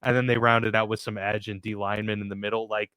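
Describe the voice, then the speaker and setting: Bright-voiced easygoing podcast co-host. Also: male voice, fairly low pitch, flat delivery, quick pace, clean tone, dry recording. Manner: easygoing, agreeable, laughs along. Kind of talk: casual sports chat.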